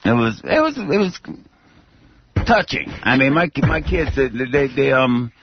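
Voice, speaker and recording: A former pro football player guesting on a radio show, answering in halting, stammering restarts. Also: male voice, medium pitch, big pitch swings, creaky, muffled recording, background noise. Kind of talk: radio interview.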